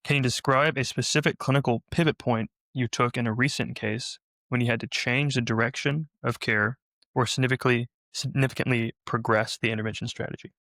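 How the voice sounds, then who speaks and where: A man's voice: medium pitch, fairly even intonation, a little fast, a bit bright, dry recording. A man in a podcast conversation who mostly gives brief, agreeable replies and reads out interview questions. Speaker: intern, co-host asking questions.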